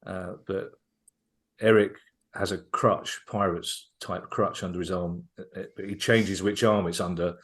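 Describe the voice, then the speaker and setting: Low-voiced man telling a comedy anecdote. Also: steady tone, measured pace, fairly bright tone. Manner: enthusiastic anecdote-teller, restarting sentences as he goes. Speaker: guest comedian. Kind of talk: casual podcast storytelling.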